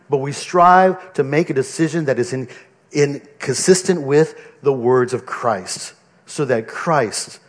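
A man's voice: on the high side, big-room sound. A male pastor preaching a sermon from the pulpit, earnest and conversational, often restarting his sentences. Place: church pulpit.

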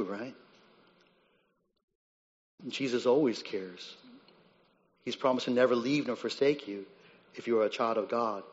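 Man preaching in an echoing hall. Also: medium pitch. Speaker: pastor. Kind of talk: sermon. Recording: dull sound with long reverb in a large hall.

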